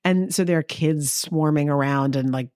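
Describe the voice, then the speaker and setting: Woman, middle-aged, from New York, low pitch, dry sound, casual anecdotal podcast chat. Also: normal speed, no room sound. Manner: lively anecdotal, acts out quotes with big pitch jumps. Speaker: podcast co-host.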